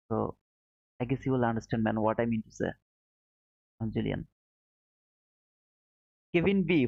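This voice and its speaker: A man with a non-native English accent talks casually on a live stream, patiently repeating his points and calling out viewers in chat. His mid-pitched voice is recorded close and dry, with slightly dull, muffled audio. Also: dry recording. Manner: explains slowly, repeats points, answers chat by name. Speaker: livestream trading host.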